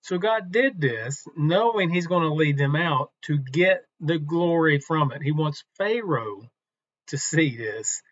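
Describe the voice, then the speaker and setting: A man teaching from the Bible in a relaxed, conversational devotional talk, unhurried and with some restarts. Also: fairly high pitch, no echo, lo-fi sound.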